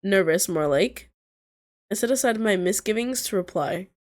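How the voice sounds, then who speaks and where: A woman's voice: medium pitch, expressive, moderate pace, darkish tone. A woman playing a dating sim, reading the lines aloud and adding snarky asides. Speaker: gaming video host.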